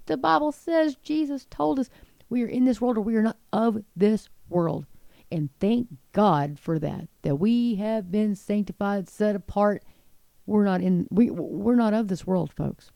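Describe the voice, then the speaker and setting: A woman's voice: mid-range voice, measured pace, gravelly, dark tone, no echo. A middle-aged woman giving impassioned Christian commentary on the news, reading quotes aloud and breaking in with indignant asides.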